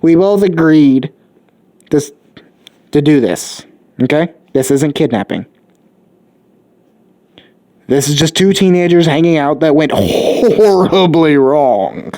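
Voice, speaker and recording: A man's voice: on the high side, big pitch swings, slow, long pauses, dark tone, pitched above the performer's own voice, heavily acted. A man doing a cocky teenage boy genius. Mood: smug. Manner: cocky, boastful.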